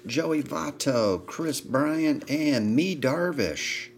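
A man's voice: a little high, expressive, extremely slow, creaky, a little hiss or hum. A man hosting a live trading card break, chatting and joking with viewers as he calls out cards. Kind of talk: casual live box break chat. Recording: loud crinkling of card wrappers.

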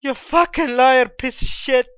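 A man in casual game voice chat talks a little slowly in an extremely high, fairly bright voice. He speaks broken English, adds a stock phrase to his sentences and trades playful insults. Faint noise sits in the slightly dull audio.

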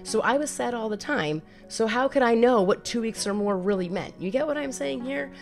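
A woman's voice: on the high side, animated, normal speed, gravelly, soft background music. A woman in her thirties, speaking as a mental health advocate and telling her personal story in a candid, conversational way that often repeats phrases.

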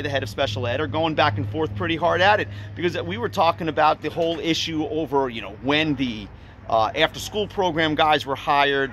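A middle-aged man, a parent vlogging casually and retelling a dispute in an animated, indignant way. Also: on the high side, a little hiss or hum. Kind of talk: casual to-camera vlog.

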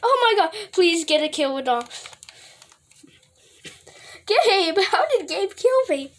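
Excitable high-voiced woman gaming. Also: slow pace. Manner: excitable, laughs often, playful trash talk to friends. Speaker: gaming video host. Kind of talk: live gameplay commentary.

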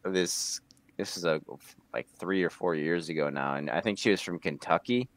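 A man's voice: sits low, moderate pace. A young American man talking casually as a guest, hesitant, with many restarts and fillers. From United States. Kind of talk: casual conversation.

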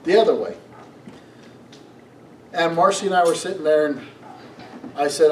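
A middle-aged man preaching a sermon as pastor, telling stories in an animated way and asking the congregation questions. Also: on the high side, normal speed, pauses often, a little hiss or hum. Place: church sanctuary. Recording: echoey room, mic from a distance.

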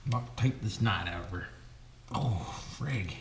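A lowish, gravelly voice moves at a slow pace. The Canadian host of a hobby channel chats and jokes while working on a toy truck, folksy as ever with "boys" and "why wouldn't we," in an echoey room with noise in the background.

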